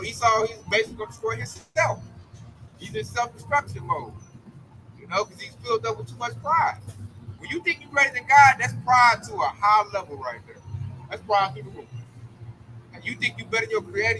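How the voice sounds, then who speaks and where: A man's voice: extremely high pitch, sharp tone, slight background noise, low-quality recording. A man preaching an informal sermon in a fervent, slangy, emphatic way. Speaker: street preacher.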